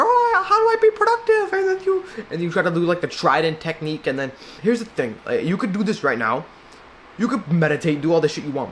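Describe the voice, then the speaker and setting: A young man in a casual advice vlog, rambling and swearing a lot, full of filler and slang, and now and then mocking people in high squeaky put-on voices. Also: slight background noise. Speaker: self-help video maker.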